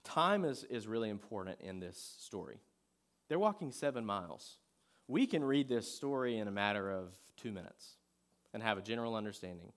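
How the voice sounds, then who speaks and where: A pastor preaches conversationally, shifting between loud, emphatic points and quiet readings of scripture. His voice is lowish and sing-song, and he moves at a moderate pace.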